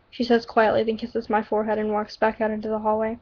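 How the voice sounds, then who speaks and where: A woman's voice: a little high, monotone, quick pace, few pauses. A woman reading her own story aloud on a lo-fi recording, often giggling and stumbling over words. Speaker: amateur storyteller. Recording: dull lo-fi recording.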